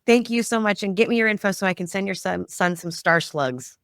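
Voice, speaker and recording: A woman's voice: medium pitch, a little fast, a bit bright, no echo, studio quality. A middle-aged woman, a guest on a podcast, telling a family story in a heartfelt, emotional way. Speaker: guest, founder of a children's music project. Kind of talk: conversational storytelling interview.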